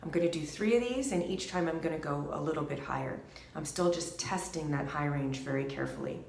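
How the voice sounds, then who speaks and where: Woman vocal coach, low calm voice. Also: a little fast, background noise. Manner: calm, explanatory, demonstrates with sung syllables. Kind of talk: singing lesson demonstration. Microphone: microphone. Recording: echoey room with piano.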